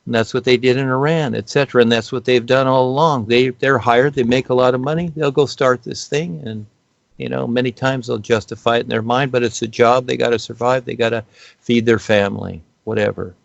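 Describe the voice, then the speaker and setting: Male guest speaker, low gravelly voice, unscripted and rambling, dull lo-fi recording. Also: fairly even intonation, a little fast, no room sound. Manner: rambling, many fillers and restarts. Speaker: guest speaker on spiritual topics. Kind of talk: unscripted spiritual explanation.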